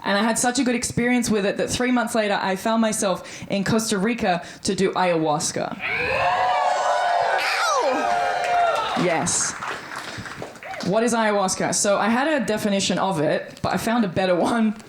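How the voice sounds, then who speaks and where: A woman in her thirties with an Australian accent does stand-up at a comedy club for a live audience, keeping it breezy and conversational while performing the voices of people she quotes. She speaks at a normal speed in a mid-range voice, and the recording is very noisy.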